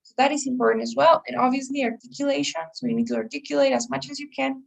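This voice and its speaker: A woman's voice: sits high, fairly even intonation, quick pace, vocal fry. A woman teaching an English test-prep class, explaining patiently and checking in with her students often. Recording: voice a little far from the mic.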